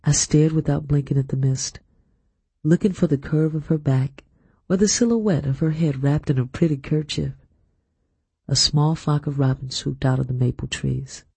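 A man narrating an audiobook in a steady, measured storytelling manner. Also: on the high side, gravelly, breathy edge, no room sound. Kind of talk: scripted narration.

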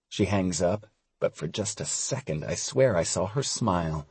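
A young man giving relaxed, wry first-person audiobook narration. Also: low-pitched, normal speed, breathy edge, no room sound.

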